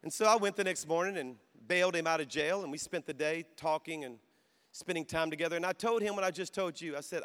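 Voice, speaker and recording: Middle-aged male pastor, high voice, storytelling sermon that rises to emphatic calls, big-hall reverb. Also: fast talker, clean tone. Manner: storytelling preacher who builds to loud, emphatic exhortation and calls to the crowd. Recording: long reverb of a large hall.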